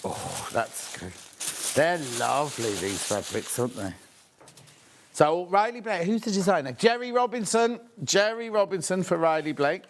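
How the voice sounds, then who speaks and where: A man's voice: a little high, very animated, normal speed, slight background noise. A man presenting products on a live shopping channel, chatty and gushing, thinking aloud as he unpacks things.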